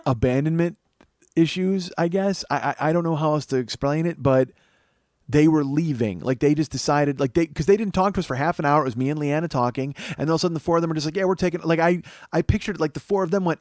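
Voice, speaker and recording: A man's voice: fairly high pitch, quick pace, darkish tone, no room sound. A man hosting a comedy podcast, telling a long personal story in a profane, self-deprecating and emphatic way. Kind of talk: storytelling monologue.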